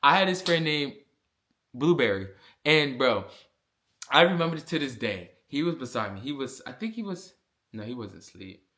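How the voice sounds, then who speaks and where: A young man, telling a casual storytime vlog with lots of fillers and animated asides. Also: mid-range voice, moderate pace. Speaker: vlogger.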